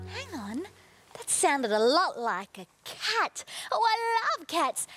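Animated young woman hosting a kids' show. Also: very high-pitched, a little slow. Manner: animated, sing-song, makes playful animal noises. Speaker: children's TV presenter. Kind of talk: playful children's show presenting and singing. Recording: loud children's music backing.

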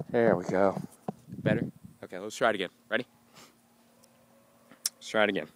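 A tired young man rambling goofily to a handheld camera outdoors in a casual vlog, breaking into excited yelps. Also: mid-range voice, fairly quick, pauses often, a little hiss or hum. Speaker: vlogger.

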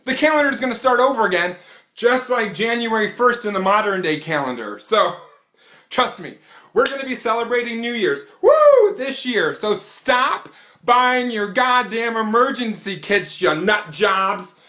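A brash, mocking male vlogger with a high, sharp and bright voice. He rants straight to the camera, laughing at his own jokes. The sound bounces around an echoey room. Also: expressive, moderate pace. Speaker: vlog host. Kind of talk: comic opinion rant to camera.

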